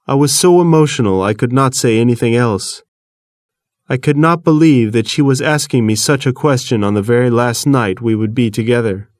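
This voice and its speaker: Man, audiobook narrator, first-person reading, measured, earnest, mid-pitched, dry close mic. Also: a little mellow, no room sound.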